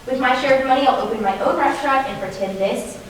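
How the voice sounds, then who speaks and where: A woman's voice: high voice, fast talker, a little hiss or hum, close to an everyday voice. A teenage girl acting on a school stage as a nervous chef who gets dragged into a heist. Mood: exasperated. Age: teens. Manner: exasperated, pleading. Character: nervous, exasperated young female chef accomplice. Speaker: student actor. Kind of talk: high school stage comedy. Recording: echoey auditorium from far off.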